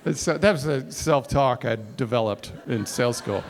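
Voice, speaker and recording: A man's voice: medium pitch, moderate pace. A man telling a self-mocking personal story to a live audience on stage, acting out the dialogue. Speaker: speaker. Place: stage before a college audience.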